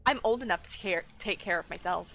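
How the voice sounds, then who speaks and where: A hushed, sullen little girl from a horror game, voiced by a woman reading her lines. She speaks low and muted, with a quietly foreboding air. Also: fairly quick, gravelly.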